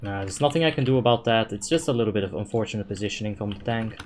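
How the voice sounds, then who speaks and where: A man streaming a game live, answering chat questions in a relaxed, talkative way and swearing now and then when a play goes wrong. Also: on the low side, very fast, slight background noise. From Netherlands. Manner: relaxed, chatty, thinks out loud, swears when frustrated.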